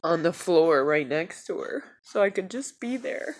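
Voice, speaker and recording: A woman tearfully talking in a personal video journal, halting and soft-spoken. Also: fairly low pitch, animated. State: crying. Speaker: vlogger.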